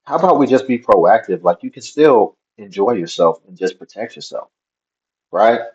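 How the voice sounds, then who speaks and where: A man's voice: lowish voice, animated, normal speed, darkish tone, muffled recording. A man commenting on a video clip, skeptical and questioning, with a wry edge. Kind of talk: reaction commentary.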